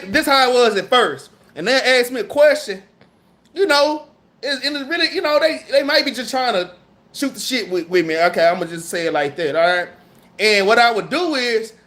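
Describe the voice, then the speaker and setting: A man with a Southern US accent teaching a scripture class in a casual, slangy way, reading verses slowly and then explaining them. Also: high voice, fairly bright tone.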